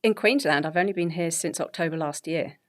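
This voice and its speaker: A woman in her forties from England with a BBC-style English accent, telling her story as an interview guest with animated, laughing delivery. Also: deep voice, fairly quick. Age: 40s. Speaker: guest, health coach. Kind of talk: conversational interview.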